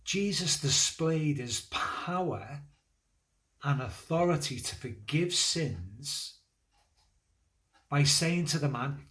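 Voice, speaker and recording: A man in a church role, telling a Bible story to children at a school assembly in a gentle, conversational way with pauses and fillers. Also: on the high side. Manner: lively, building energy toward the climax of the story.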